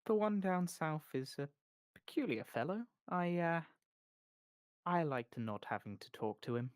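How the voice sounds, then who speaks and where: A cool smuggling-guild boss woman, voiced by a game master, measured and evasive, with a hint of menace under her calm replies. She talks at a middling pitch. The voice is close and dry, with no room sound. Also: no room sound, natural voice. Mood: guarded. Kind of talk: tabletop role-play.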